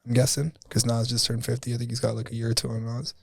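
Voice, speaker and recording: A man's voice: medium pitch, level tone, quick pace, creaky, dry recording, studio quality. A man co-hosting a podcast in casual chat, easygoing and stammering into his points. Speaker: podcast co-host.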